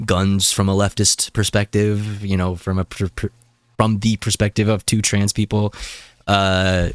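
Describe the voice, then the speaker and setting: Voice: low voice, flat delivery, unhurried, dry recording. A young adult streamer in a casual live-stream rant, heated and profane, breaking into laughs.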